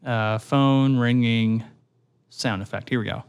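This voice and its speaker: A man co-hosting a casual podcast, animated, swearing and laughing freely. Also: mid-range voice, measured pace, clean tone. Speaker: podcast co-host.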